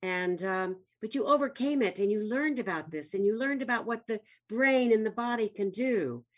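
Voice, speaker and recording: A woman's voice: a little high, lively intonation, normal speed. A woman therapist hosting a casual interview, agreeing often and restarting her sentences. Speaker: host, therapist.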